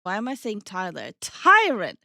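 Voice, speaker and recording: A woman's voice: a little high, animated, a little slow, dry recording, studio quality. A young woman streaming live, chatting casually with her viewers and reading their messages aloud. She is playful, laughs often and swears offhandedly. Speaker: streamer and VTuber host.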